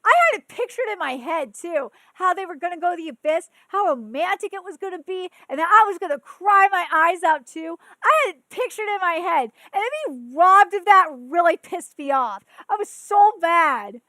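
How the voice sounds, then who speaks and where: A woman in her thirties hosting a podcast with a very high, bright, sharp voice. She rants in an animated, exasperated way, scattering "like" and curses through her talk. The sound is close and dry. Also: normal speed, few pauses, no echo. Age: 30s. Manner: animated, exasperated, filler-heavy with frequent "like" and swearing. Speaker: podcast host. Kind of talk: casual ranting commentary.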